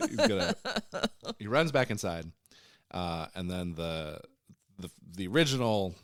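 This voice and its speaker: A man's voice: low-pitched, big pitch swings, unhurried, clear, resonant tone, dry recording, clean studio sound. A man co-hosting a podcast, retelling a story in casual chat and breaking into playful silly voices for the characters. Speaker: podcast co-host.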